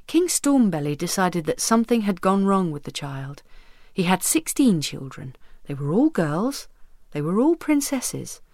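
A woman reading a children's fairy tale aloud with expressive, animated storytelling. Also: mid-range voice, dry recording, clean studio sound.

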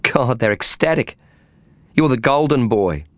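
A man's voice: mid-range voice, expressive, unhurried, dry recording, voice pushed up, close to an everyday voice. A man voicing a restless, needy thirty-year-old woman in an audiobook, pleading and agitated.

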